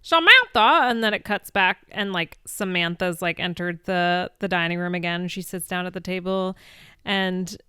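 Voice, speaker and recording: A young woman co-hosts a podcast and recaps TV scenes in a chatty, animated way. Her voice sounds smooth and clear, recorded close and dry. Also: on the low side, moderate pace, no room sound. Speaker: podcast co-host. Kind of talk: casual episode recap.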